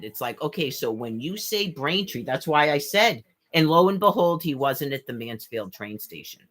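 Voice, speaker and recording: A woman's voice: deep voice, animated, normal speed, hardly any pauses, a bit bright. A woman vlogging an exasperated, profane rant, full of rhetorical questions and stumbling restarts, now and then mimicking what others said. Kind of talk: rambling rant to camera.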